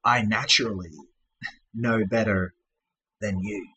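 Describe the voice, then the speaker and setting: A man ranting at his commenters in a mocking, sarcastic tone, breaking into shrill manic laughter. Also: fairly even intonation, takes it slowly, pushed and bright, breathy edge, muffled recording. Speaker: channel host.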